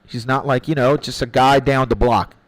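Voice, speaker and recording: A man's voice: mid-range voice, fairly even intonation, normal speed, dry recording, low-quality recording. A man streaming a game, chatting casually with his viewers, opinionated and swearing freely, often repeating himself as he gathers his thoughts. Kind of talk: casual live-stream chat, answering viewers.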